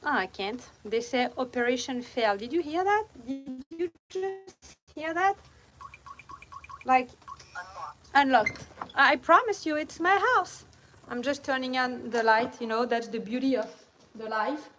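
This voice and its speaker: A woman's voice: high voice, a little slow, slight background noise, rough recording. A middle-aged woman with a strong French accent, chatting casually with viewers on a livestream and laughing often, recorded without a mic. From France. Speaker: vlogger. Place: van or home, at night. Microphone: no mic, phone or camera only.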